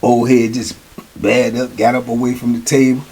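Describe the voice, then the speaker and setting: A man's voice: medium pitch, flat delivery, moderate pace, mellow, husky. A middle-aged man telling prison stories in a casual, slangy, repetitive way. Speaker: storyteller, show host.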